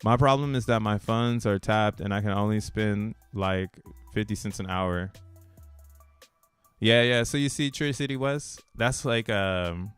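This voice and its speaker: Chill slangy dude rambling about charts, smooth clean voice, a bit of quiet music under it. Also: male voice, on the low side, unhurried, no echo. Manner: slangy and loose, laughs between points; rambling, restarts thoughts mid-sentence. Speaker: crypto channel host. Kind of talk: casual commentary on a chart.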